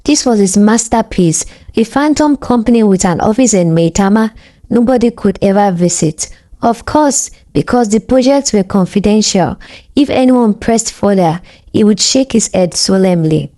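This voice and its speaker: Mellow woman telling stories. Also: medium pitch, expressive, normal speed. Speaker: storyteller. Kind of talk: scripted narration.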